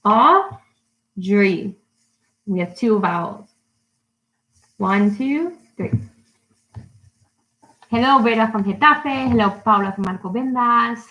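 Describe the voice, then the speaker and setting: A woman, an English teacher, greeting children by name and leading a live-streamed storytime lesson with slow, bright questions. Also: fairly high pitch, highs cut off. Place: her home in a city.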